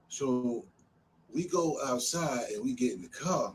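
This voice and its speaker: A man from New Jersey recounts a street story in loose, animated talk, stopping often to check that the listener is following. His voice sits at an ordinary middle pitch. It comes from a little way off the mic, with a faint noise underneath. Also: unhurried, recorded from a distance, poor audio. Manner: animated, loose street talk full of "you know what I'm saying". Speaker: vlogger telling a street story. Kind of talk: casual storytelling.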